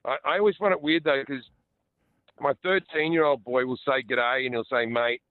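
An Australian man in his forties, a comedian chatting and joking as a radio guest with quick restarts over the phone. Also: fairly high pitch, no echo. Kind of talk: casual radio interview. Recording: tinny phone line.

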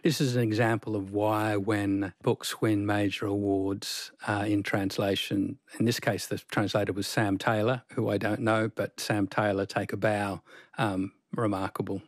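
A man reviews a translated novel on the radio in a measured, slightly hesitant way. His voice is low and flat, and it sounds dry and a little distant. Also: dry recording. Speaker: book reviewer.

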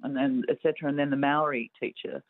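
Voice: medium pitch, steady tone, fast talker, no room sound. A caller phoning in to a radio show, talking enthusiastically in a long, rambling way. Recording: phone line.

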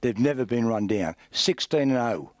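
A man talking rugby league on radio, earnest and halting as he offers stats and observations. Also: mid-range voice, expressive, no room sound. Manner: earnest, halting, stat-focused. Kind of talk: sports radio banter.

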